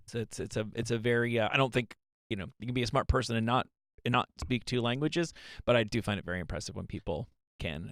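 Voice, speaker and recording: A man co-hosting a casual chat, speaking in a measured, self-deprecating way and sometimes tripping over his words. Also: medium pitch, a bit bright, no echo.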